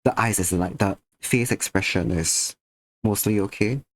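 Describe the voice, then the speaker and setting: A man's voice: fairly low pitch, measured pace, dry recording. A tired man chatting to viewers during an art stream, a little sick, drowsy and slurring slightly. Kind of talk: casual stream chat while drawing.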